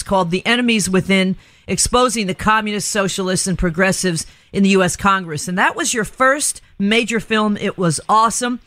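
Chatty talk-radio hostess, bright crisp tone, dry studio sound, prone to giggles and rambling. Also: female voice, medium pitch, dry recording. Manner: chatty, laughs easily, rambling. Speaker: radio talk show host. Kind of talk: casual radio banter.

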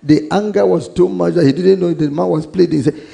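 A male pastor with a Nigerian English accent preaching a sermon, reading scripture slowly and emphatically and acting out Bible stories. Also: high voice, steady tone, vocal fry, dark tone.

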